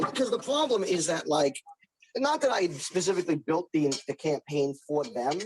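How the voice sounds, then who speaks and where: A man's voice: a little high, a little mellow, low-quality recording. Hesitant man, faint hiss behind. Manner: hesitant, full of 'like' fillers, explaining. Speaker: game master, podcast co-host. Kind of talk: casual chat among friends.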